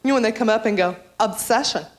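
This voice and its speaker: A woman in her thirties doing stand-up comedy, brash and sardonic, with sudden high animated outbursts. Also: very fast. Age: 30s. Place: comedy club stage. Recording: live club, audience laughter and noise.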